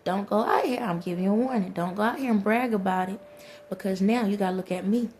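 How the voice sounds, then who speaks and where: A woman's voice: mid-range voice, fast talker, a little mellow, slight background noise. A woman, talking to her viewers in a rambling spiritual monologue, laughing often and speaking to presences only she feels.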